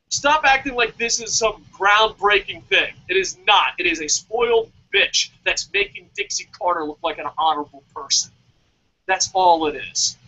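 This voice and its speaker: A man co-hosting a podcast, ranting about wrestling with heated, repetitive swearing and sudden shouted bursts. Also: high voice, dull audio. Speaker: podcast co-host. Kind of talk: profane wrestling review rant.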